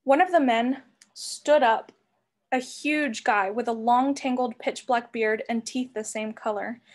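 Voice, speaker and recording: Woman reading a novel aloud, fairly high. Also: a little slow. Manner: expressive storybook reading. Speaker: reader.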